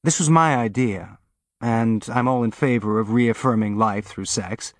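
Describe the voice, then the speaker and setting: A man voicing a calm, steady woman who is a spaceship engineer, speaking in a measured, gently firm way. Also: mid-range voice, no echo, studio quality, lightly acted.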